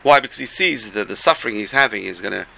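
Gravelly, animated man telling a religious story. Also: lowish voice, quick pace, slight background noise. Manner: animated storyteller, swinging between loud bursts and soft asides. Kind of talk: storytelling Torah talk.

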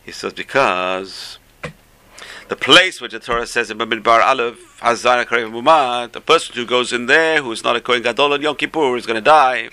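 Guy teaching torah stories, gravelly voice, really bright and sharp, goes high for the quotes. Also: moderate pace. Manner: animated storyteller, rising for quoted rabbis, dropping low for asides. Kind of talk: storytelling Torah lesson.

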